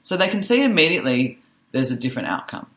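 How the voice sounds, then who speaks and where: A woman social worker and author, a guest on a podcast, telling animated stories about teaching teenagers and laughing easily. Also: low voice, fast talker. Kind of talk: conversational interview.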